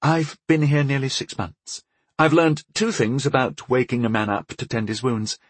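A man voicing a young woman healer in her twenties who is patient, amused and matter-of-fact, in a husky storybook reading. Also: mid-range voice, normal speed, dry recording, lightly acted. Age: 20s.

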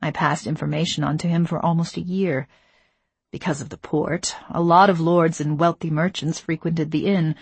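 A woman voicing a steely young woman who talks quietly and close to breaking. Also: deep voice, husky, no room sound. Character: steely young woman confessing her past.

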